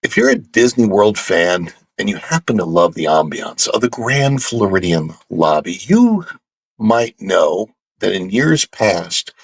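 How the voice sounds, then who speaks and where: Gravelly animated livestream host man. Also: on the low side, dry recording. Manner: animated, joking, talks to chat. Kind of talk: casual news chat.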